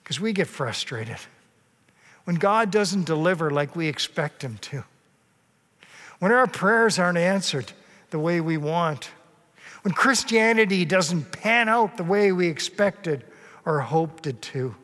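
A man delivers a sermon with a fairly high voice, earnest and storytelling, now and then slipping into the voices of the people in his story. His words ring out with a long reverb, as if in a large church sanctuary. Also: animated, unhurried, fairly bright tone. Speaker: pastor.

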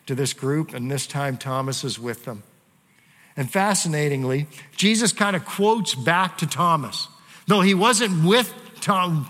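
A man with a bright, forceful, somewhat high voice delivers a sermon to his congregation. He talks casually, with plenty of fillers and asides. His voice rings out with the long reverb of a large church hall. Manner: conversational, frequent "you know" and fillers. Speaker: pastor.

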